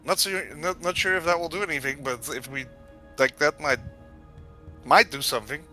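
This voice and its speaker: A man playing a tabletop role-playing game who talks hesitantly and stops to correct himself. His voice is slightly high and very bright. Light music plays behind him. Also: normal speed. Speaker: player.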